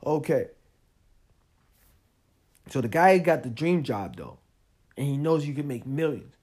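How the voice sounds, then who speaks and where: Man, young adult, podcast host, casual monologue, animated, fairly high voice. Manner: animated, talks straight to the listener, rising loud when worked up.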